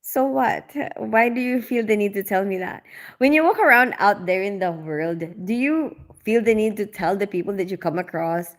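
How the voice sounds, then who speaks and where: A woman's voice: mid-range voice, moderate pace. Casual woman streamer, giggly and chatty, talks to her chat. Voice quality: loud on calls. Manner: chatty, giggly, reads comments aloud. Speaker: livestream host reading viewer comments.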